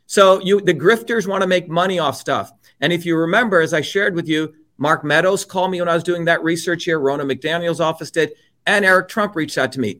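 A man's voice: a little high, fairly bright tone. Blunt, profane man from India. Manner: blunt and profane, with mocking quoted asides. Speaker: interviewee. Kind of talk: heated political monologue.

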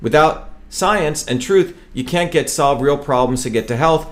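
Fairly high in pitch and moderately paced, the man is a political candidate from India talking to camera on his web show. His campaign message comes out emphatic, with repeated stumbles and repeated words.

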